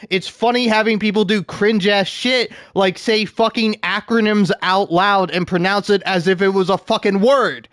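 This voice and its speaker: A man's voice: high voice, steady tone, moderate pace, fairly bright tone, dry recording, clean studio sound. A man giving profane, ranting gameplay commentary, often laughing at his own jokes. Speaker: gameplay streamer.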